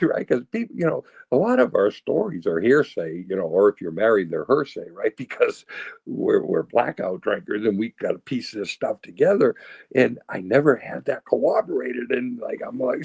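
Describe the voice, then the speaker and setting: A man's voice: fairly low pitch, sing-song, moderate pace, gravelly, darkish tone, breathy edge, no echo. A man, telling his recovery story in a rambling way and tagging lines with "right?" and "you know". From south of Boston, Massachusetts. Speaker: recovery speaker.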